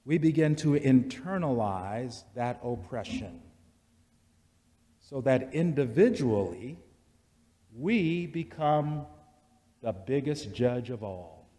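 A man preaching a sermon in a church, slow and deliberate, building repeated litanies that rise in intensity. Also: mid-range voice, very animated, warm tone. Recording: long church reverb.

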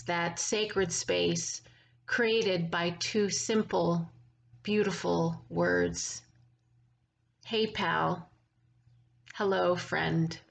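A woman priest giving a gentle, reflective memorial sermon with lingering pauses. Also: lowish voice, creaky, rough recording.

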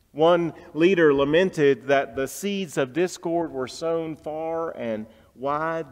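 A male pastor delivering a reflective, story-driven sermon, dropping soft for tender passages. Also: a little high, big-room sound.

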